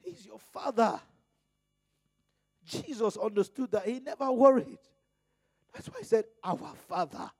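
A man from Nigeria preaching a fervent sermon in a high, mellow voice. He surges into loud, emphatic peaks, drops to hushed asides, and stretches out the scripture he quotes. The recording is close and dry, with no room sound. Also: big pitch swings, unhurried, long pauses, husky, no echo.

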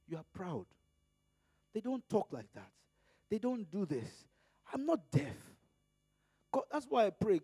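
A man from Nigeria preaching a fervent sermon in a high, mellow voice. He surges into loud, emphatic peaks, drops to hushed asides, and stretches out the scripture he quotes. The recording is close and dry, with no room sound. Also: wildly swooping pitch, a little slow, long pauses, breathy edge, no echo.

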